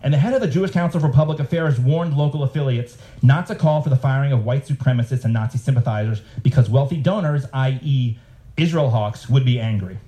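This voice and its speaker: A man's voice: medium pitch, brisk, warm tone. A man, a cartoonist, giving a live reading of his comics with sarcastic asides and mocking voices.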